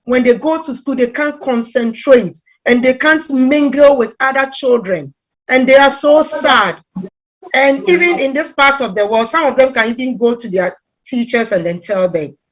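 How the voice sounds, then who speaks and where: A middle-aged woman from Ghana giving a conversational talk on relationships, telling stories with lively acted-out quotes. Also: high-pitched, normal speed, muffled recording. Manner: animated storytelling, acts out quoted voices. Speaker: relationship talk guest speaker.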